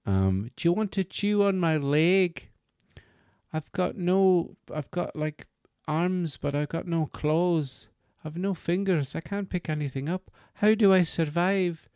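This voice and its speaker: A man voicing a gentle male toy bear with a soft, high, grandmotherly Scottish lilt. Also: smooth, no echo, studio quality. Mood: doting. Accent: soft Scottish (put on). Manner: slow, sweet, doting.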